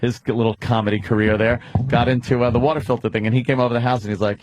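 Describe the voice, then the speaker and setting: A man's voice: medium pitch, fairly even intonation, fast talker, hardly any pauses. A man hosting a radio show, chatting casually and laughing through a story. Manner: laughing storyteller who imitates friends in quotes. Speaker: radio host. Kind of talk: casual chat.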